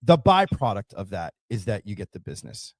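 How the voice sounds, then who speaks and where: A man's voice: lowish voice, very animated, fairly quick, no room sound. A man hosting a podcast who talks in a reflective way and often restarts as he searches for words. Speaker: podcast host. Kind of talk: casual podcast conversation.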